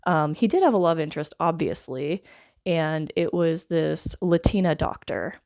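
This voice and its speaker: Low, gravelly-voiced woman reviewing a movie. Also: normal speed, darkish tone. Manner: rambling and wry, full of "like" and "I guess". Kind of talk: casual spoken film review.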